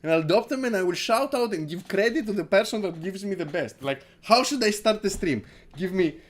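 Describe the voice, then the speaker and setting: This crypto stream host from Greece has a high-pitched voice and talks in a brisk, animated way. His casual livestream is full of rambling, repeated words, swearing and lots of laughter.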